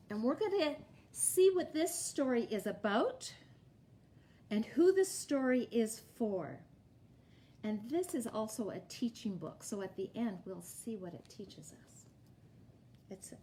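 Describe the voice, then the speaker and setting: A woman leading a library storytime, reading a picture book aloud and teaching young children in a clear, animated way. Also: a little high, slow. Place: library programme room.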